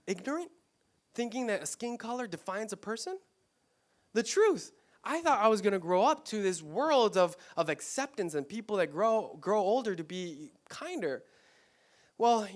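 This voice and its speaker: Man, high-pitched, from Mexico, informal sermon, rhetorical questions, restarts. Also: sing-song, normal speed. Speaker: church speaker. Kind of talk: conversational sermon.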